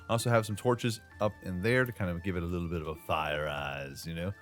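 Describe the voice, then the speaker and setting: A man with a somewhat low voice talks through a gameplay tour in a loose, joking way, full of slang and asides. He sounds like a regular channel host speaking into a desk mic as a voice-over. Faint game music sits quietly behind him. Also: fast talker, hardly any pauses. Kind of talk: casual gameplay commentary.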